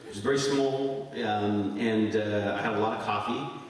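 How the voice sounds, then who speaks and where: A man's voice: on the low side, fairly even intonation, normal speed, a crowd in the background. A man in his thirties from Canada, a convention guest answering fan questions on stage in a rambling, jokey way, laughing often. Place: large convention hall. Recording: echoey hall recorded from far off with noise.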